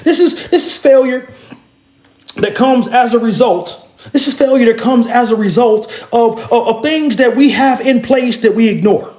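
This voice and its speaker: Emphatic, preachy man with a higher voice. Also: normal speed, a little mellow, reverberant. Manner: emphatic, preachy, repeats phrases with stammered restarts; addresses listeners directly and bluntly. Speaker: motivational speaker. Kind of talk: motivational talk.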